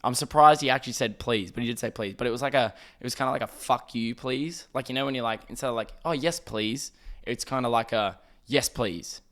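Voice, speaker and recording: A young man hosting a solo podcast, telling a story in an animated, profane, ranting way. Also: mid-range voice, rapid-fire, few pauses. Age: young adult. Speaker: podcast host.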